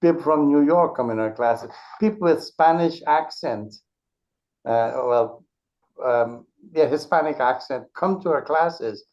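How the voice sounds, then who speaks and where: A man's voice: fairly high pitch, unhurried, darkish tone. A man, an author and speech teacher, talking as an interview guest and explaining his points patiently with examples, often restarting his sentences. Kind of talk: earnest conversational explanation. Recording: dull lo-fi recording.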